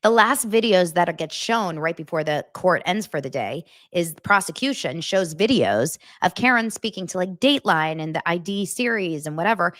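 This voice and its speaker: Frank, chatty woman with a lowish voice. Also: fairly bright tone, dry recording, studio quality. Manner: frank, chatty, with frequent asides. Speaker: host. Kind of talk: casual commentary vlog.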